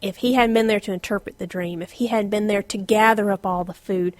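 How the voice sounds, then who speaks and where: A middle-aged woman teaching an informal Bible lesson, animated, laughing often and dropping to a whisper for emphasis. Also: medium pitch, fairly quick, no room sound.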